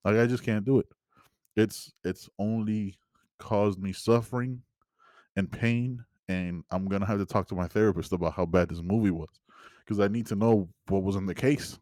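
Male podcast host, low-pitched, exasperated rambling movie-review rant, dry recording. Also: normal speed, darkish tone, no room sound. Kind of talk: casual solo movie review.

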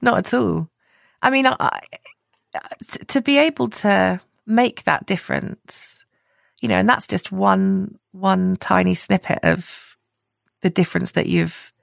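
A woman's voice: medium pitch, a little slow, gravelly, dry recording, studio quality. A woman hosting an interview podcast, affirming her guest and asking questions. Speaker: podcast host. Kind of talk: casual interview.

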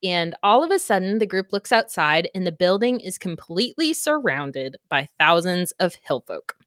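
Brief: woman, lowish voice, casual podcast recap, giggly and sweary, dry close mic. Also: sing-song, moderate pace, fairly bright tone, no echo. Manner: laughing often, fillers, swears freely. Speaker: book club podcast co-host. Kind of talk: casual chat, recapping a novel.

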